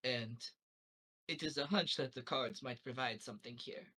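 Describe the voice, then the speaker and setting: A man's voice: medium pitch, normal speed, pushed and bright, husky, rough recording. A man playing in a tabletop game, hesitant and rambling as he speaks in character. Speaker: player. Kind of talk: tabletop role-play chat.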